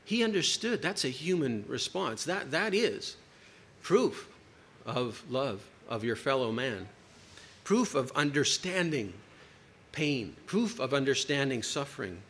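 A man preaching a sermon to a congregation, emphatic, with dramatic pauses. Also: medium pitch, big pitch swings, fairly bright tone, a little hiss or hum.

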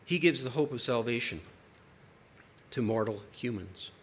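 Emphatic male preacher, lively pitch. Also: a little hiss or hum. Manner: emphatic, varied delivery with dramatic pauses. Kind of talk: sermon.

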